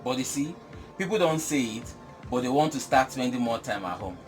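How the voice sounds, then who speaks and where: Animated man talking business over music. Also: medium pitch, normal speed. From Nigeria. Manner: animated, emphatic, laughs often. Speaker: business guest. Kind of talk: casual chat.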